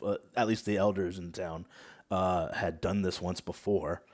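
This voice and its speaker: A man chatting casually on a podcast in an easygoing way, hesitating often with ums and uhs. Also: sits low. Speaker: podcast co-host.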